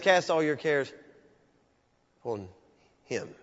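A pastor preaching a sermon, swinging from loud raised peaks down to hushed, low passages. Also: male voice, unhurried, long pauses. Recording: dull sound with long church reverb.

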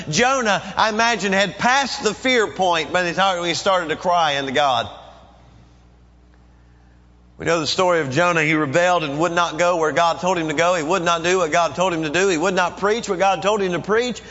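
Preaching in a church, a middle-aged man acting as pastor dramatizes pleading prayers in a high, slightly bright voice. The sermon was captured on a dull, echoey church recording.

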